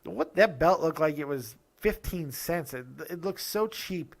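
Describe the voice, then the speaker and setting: A man reviewing wrestling shows in a loose, opinionated way, his voice swinging widely up and down as he rants. He talks a little high for a man and keeps breaking off into quick asides and restarts. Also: animated. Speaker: host of a wrestling review show. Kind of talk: casual opinionated review talk.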